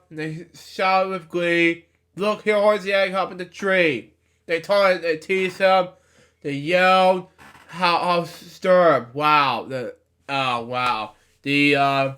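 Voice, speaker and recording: Young guy reading a bedtime story, slow and stumbly, bright high voice, keeps wandering off. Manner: rambling, stumbles over words, frequent "anyway" asides. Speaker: storybook reader. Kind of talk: casual read-aloud with asides.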